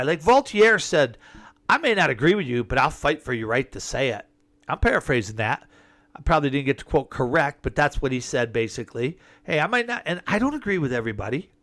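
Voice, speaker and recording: A man delivering an emphatic, rambling political monologue with sarcastic asides. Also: a little high. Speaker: political commentator.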